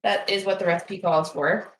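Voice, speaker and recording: A woman's voice: medium pitch, steady tone, normal speed, fairly bright tone, distant mic. A woman chatting in a home kitchen while cooking, practically explaining each step. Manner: practical, explains recipe steps. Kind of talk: casual cooking stream chat. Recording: roomy kitchen with faint noise.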